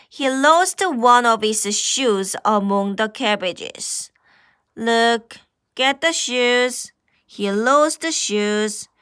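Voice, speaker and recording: A woman's voice: a little high, fairly bright tone, smooth, no echo, studio quality. A woman with a Korean first language reading a picture book aloud to children as their English teacher, exclaiming and asking the listener questions.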